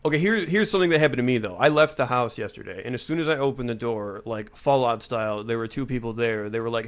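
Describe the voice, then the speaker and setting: A man co-hosting a podcast, telling jokes and stories in an animated, casual way. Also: medium pitch, fast talker, few pauses. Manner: animated, joking storyteller. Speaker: podcast co-host.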